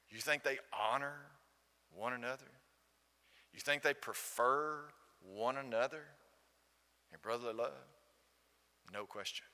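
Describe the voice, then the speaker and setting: An Alabama man with a Southern accent preaches a sermon, telling a story and putting questions to the congregation. His voice sits at a medium pitch with a sharp tone, and the recording carries a long hall reverb.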